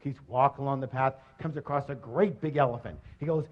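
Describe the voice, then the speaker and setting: A middle-aged man giving a live motivational seminar, energetic and jokey, constantly quizzing his audience on a dull lo-fi recording. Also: medium pitch, brisk.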